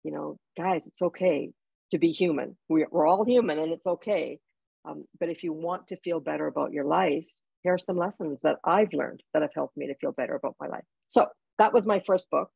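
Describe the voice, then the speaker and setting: A Jamaican woman, an author appearing as a guest, tells heartfelt personal stories in an interview conversation, sometimes halting and restarting. Her voice is low, husky, slightly gravelly, and mellow. The recording is dry and a little dull, like lo-fi audio.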